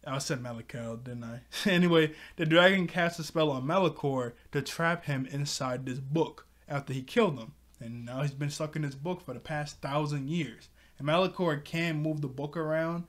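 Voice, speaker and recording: A man's voice: on the high side, moderate pace, few pauses, fairly bright tone. Rambling, laughing man recapping a cartoon. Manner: rambling, laughs often, lots of fillers. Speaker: cartoon episode reviewer. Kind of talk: casual episode recap.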